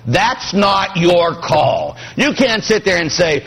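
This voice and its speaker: A man's voice: high-pitched, takes it slowly, vocal fry, breathy edge. A middle-aged man from Pittsburgh, a priest preaching a sermon with jokes, acting out quoted voices. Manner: animated, joking, acts out quoted voices.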